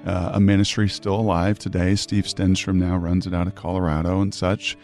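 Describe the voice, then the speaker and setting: A middle-aged man from Washington State hosting an interview, telling stories in an animated, emphatic way. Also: sits low, a little fast, faint music behind. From Puyallup, Washington, USA. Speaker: host. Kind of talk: conversational storytelling interview.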